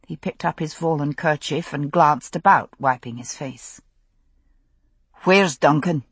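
A woman narrating a novel in the first person, with expressive, dramatic storytelling. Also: low voice, moderate pace, breathy edge, dry recording. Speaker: audiobook narrator.

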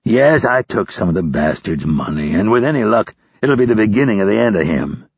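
A man voicing a gruff, profane senior intelligence officer who talks bluntly and impatiently. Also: on the low side, big pitch swings, brisk, dry recording, exaggerated voice. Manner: blunt, impatient, swears often. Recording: dull, dry lo-fi recording.

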